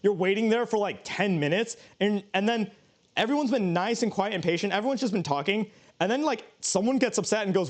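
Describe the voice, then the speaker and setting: Man, streamer, casual cooking chat, rambling, joking, slightly high-pitched. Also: animated, brisk. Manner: rambling, joking, many restarts.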